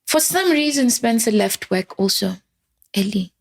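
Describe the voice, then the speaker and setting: A grieving woman, speaking softly and often near a whisper as she tells her personal story. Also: a little high, animated, measured pace, creaky, dry recording. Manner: soft-spoken, often close to a whisper, switching between English and Setswana. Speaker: interview guest.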